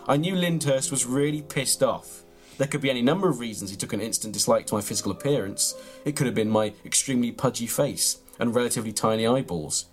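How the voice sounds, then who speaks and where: A man, reading his own absurd comic story in a deadpan, mock-grand way, then bantering. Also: medium pitch. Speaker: comedian reading his own tall tale.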